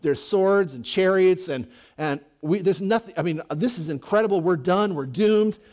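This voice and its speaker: A man's voice: high-pitched, normal speed, darkish tone, close to an everyday voice. A panicky young servant voiced by a man. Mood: panicked. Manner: panicked, exclaiming.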